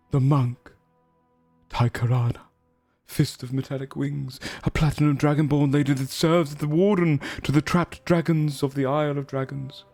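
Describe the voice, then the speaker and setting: Guy dm reading out fantasy lore, kinda high voice, faint music behind. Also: fairly even intonation, measured pace, a little mellow. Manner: theatrical lore narration with chuckles. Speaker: game master. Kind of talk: narrating a tabletop game stream.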